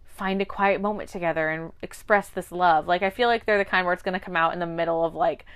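A woman casually chatting about a TV show, animated and often acting out characters' lines. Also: lowish voice, fast, clear, resonant tone.

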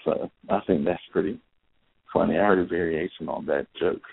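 Guy in his 30s rambling through a story, low gravelly voice, tinny dry phone sound. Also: normal speed, no echo. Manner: rambling, with fillers and self-corrections. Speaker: podcast host. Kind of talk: casual storytelling monologue.

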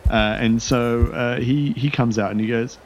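A man's voice: mid-range voice, fairly even intonation, moderate pace, muffled recording, a little hiss or hum. A man narrating a tabletop game as game master, in a loose, rambling way full of fillers.

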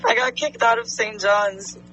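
A woman's voice: a little high, unhurried, a bit bright, faint music behind, low-quality recording. A young woman on a phone video call, confused and protesting about her classes. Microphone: phone speaker.

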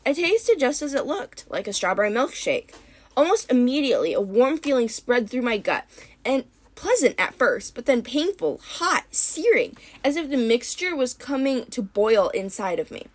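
A woman narrating a story in the first person, expressive and dramatic. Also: on the high side, normal speed. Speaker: audiobook narrator.

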